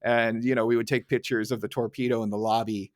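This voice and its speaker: A man co-hosting a casual podcast chat, talking in halting runs with many fillers and restarts. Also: medium pitch, little pitch movement, no room sound, clean studio sound. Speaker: podcast co-host.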